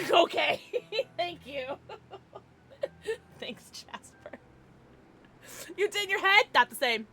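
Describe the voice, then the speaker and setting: A woman's voice: fairly high pitch, expressive, a little slow, bright, forceful tone, a little hiss or hum. A woman streamer chatting casually with her live viewers, giggling often as she reacts to the chat.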